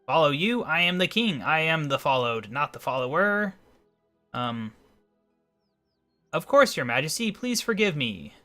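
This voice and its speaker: A man's voice: on the high side, big pitch swings, a little slow, long pauses, pushed and bright, faint music behind, voice pushed up, exaggerated voice. A man voicing a vain, grumpy king who complains a lot and gives in to his wife. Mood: pompous. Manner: pompous, complaining.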